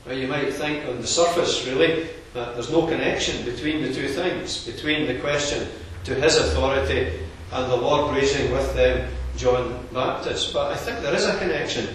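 A man preaching a sermon in a measured, earnest expository manner. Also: medium pitch, a little hiss or hum. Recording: very echoey, distant room recording.

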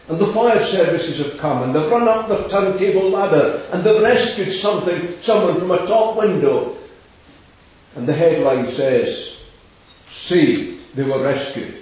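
A man preaching a gospel sermon, stressing key words and repeating the main verse slowly. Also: sits high, a little mellow. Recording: echoey distant hall sound, dull.

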